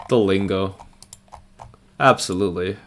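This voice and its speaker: A young man with a fairly low voice rambles in a goofy, self-mocking way while he works on a drawing. His talk is loose and unscripted, and keyboard typing clicks in the background. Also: measured pace, fairly bright tone. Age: young adult. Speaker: vtuber artist. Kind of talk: casual drawing commentary.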